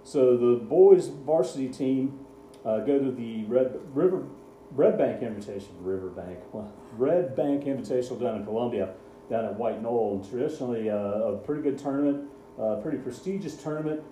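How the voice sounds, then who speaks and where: A man's voice: mid-range voice, expressive, normal speed, mellow, roomy sound, a little hiss or hum, poor audio. A man co-hosting a casual sports talk show, running through game scores with dry sarcasm. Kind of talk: casual radio sports chat.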